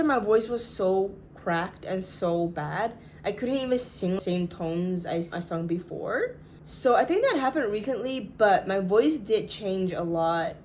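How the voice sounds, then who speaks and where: A young woman vlogger whose first language is not English, speaking with an accent that slides between British and American. She rambles casually, asking herself questions along the way. A faint hiss of room ambience sits under her voice. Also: mid-range voice. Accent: mixed British and American. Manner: chatty, rambling, self-questioning with tag questions. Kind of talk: casual talk to camera. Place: Hawaii.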